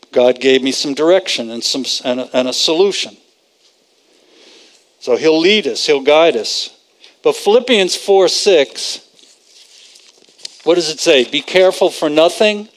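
Conversational preacher man, fairly high voice. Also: slow, pauses often, a bit bright. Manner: conversational, repeats phrases for emphasis. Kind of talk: sermon.

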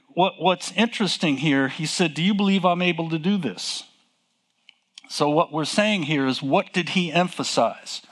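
High-voiced, unhurried, emphatic male preacher. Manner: emphatic, repeats phrases, exclaims with excitement; asks rhetorical questions to the listeners. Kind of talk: sermon.

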